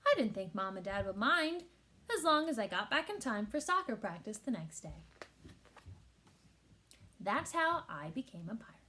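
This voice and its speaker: A woman reading a children's picture book aloud with expressive storytelling. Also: mid-range voice, normal speed, pauses often. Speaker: teacher.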